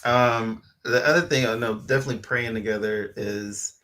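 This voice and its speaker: A man's voice: lowish voice, fairly even intonation, moderate pace, fairly bright tone. A man co-hosting a church talk show, chatting casually and animatedly with plenty of fillers. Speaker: co-host. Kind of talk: casual chat.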